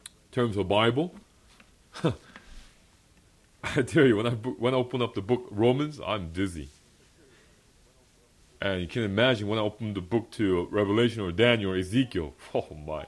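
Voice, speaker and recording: Pitched fairly low, a young male pastor's voice carries a personal testimony sermon at a fellowship meeting. He is emphatic and sincere, laughs frequently, and keeps repeating key phrases.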